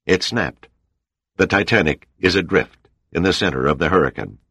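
A man's voice: low-pitched, moderate pace, a bit bright, breathy edge, dry recording, heavily acted. A man voicing a male official who gives a formal, clipped report. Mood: grave.

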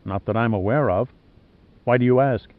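Calm husky rescuer, dry and understated, played by the narrator, thin phone-like sound. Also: male voice, medium pitch, moderate pace, dry recording, lightly acted. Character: calm rugged American man, husky-voiced rescuer.

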